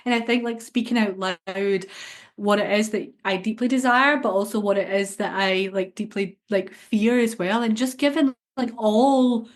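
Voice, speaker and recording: A woman's voice: medium pitch, normal speed. A young woman co-hosting a spiritual podcast, talking earnestly and reflectively in casual chat, often repeating phrases. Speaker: podcast co-host.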